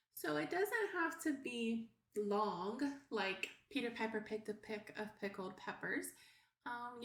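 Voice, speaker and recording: A preschool teacher, a woman, giving parents an unhurried, explanatory lesson with frequent fillers. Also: fairly high pitch. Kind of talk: instructional video for parents. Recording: echoey room.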